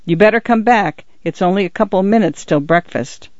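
A man's voice: sits high, fairly quick, dry recording, dull audio, natural voice. A man voicing a patient, philosophical ranch hand in a storybook reading. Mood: calm. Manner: calm, philosophical.

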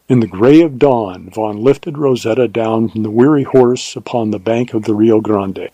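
A man narrating a western novel in a calm, even storytelling manner. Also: fairly low pitch, moderate pace, few pauses, no room sound. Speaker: audiobook narrator. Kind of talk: scripted narration.

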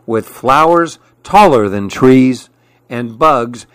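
Brief: male storyteller for a children's book, unhurried and very lively in pitch, dry close sound. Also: smooth, no room sound. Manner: slow, expressive read-aloud.

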